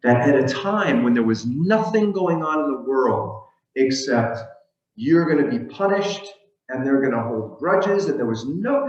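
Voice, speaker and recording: A man's voice: medium pitch, a little mellow. A male minister giving a conversational sermon with storytelling and frequent restarts. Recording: echoey, dull room sound.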